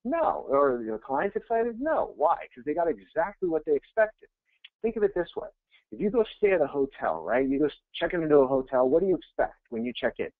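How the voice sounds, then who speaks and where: A man coaching real estate agents in a webinar, telling jokey, energetic stories. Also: fairly high pitch, no echo. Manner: energetic, joking, fast anecdotes. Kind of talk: webinar coaching talk with storytelling. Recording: tinny phone-like line, dry.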